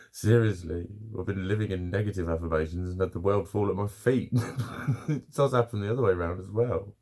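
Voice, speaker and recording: Brief: middle-aged bloke vlogging, deep husky voice, sweary and chuckling through his stories. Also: moderate pace, long pauses, darkish tone. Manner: swearing, laughing storyteller. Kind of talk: casual chat to camera. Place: at home with his dog.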